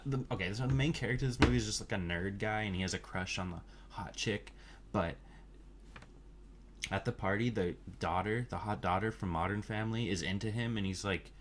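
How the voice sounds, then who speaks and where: A man's voice: low-pitched, a little hiss or hum. A man casually recapping movies in a crude, offhand, meandering way, full of fillers and asides. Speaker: movie reviewer.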